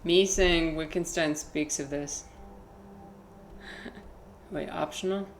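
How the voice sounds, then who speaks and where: A woman's voice: sits low, fairly even intonation, takes it slowly, reverberant, background noise. A woman live-streaming a video game, chatting in a rambling, playful, self-mocking way. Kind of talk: casual live gaming commentary.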